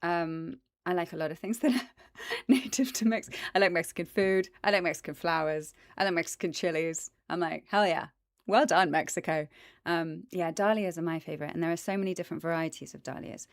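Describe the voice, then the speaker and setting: Woman, livestream host, casual chat, enthusiastic, lots of ums, lowish voice, dry close sound. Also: brisk, dry recording. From British and American. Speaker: voice actress hosting a plant stream. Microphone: desk microphone in front of her.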